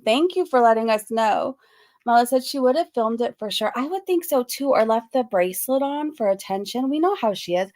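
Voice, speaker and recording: A woman hosting a reaction stream, reading chat comments aloud and making sarcastic, quick asides. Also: a little high, expressive.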